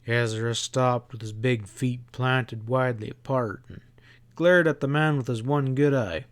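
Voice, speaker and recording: A male audiobook narrator reading at an unhurried, slow pace. His tone is smooth and resonant, and each line comes out steady and measured. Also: medium pitch.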